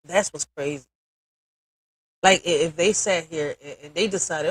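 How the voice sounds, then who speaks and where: A woman's voice: fairly low pitch, expressive, moderate pace, long pauses, no echo, poor audio. A woman hosting a live stream, talking emotionally and bluntly with lots of cursing, often checking in with "all right?". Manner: emphatic, builds to forceful peaks.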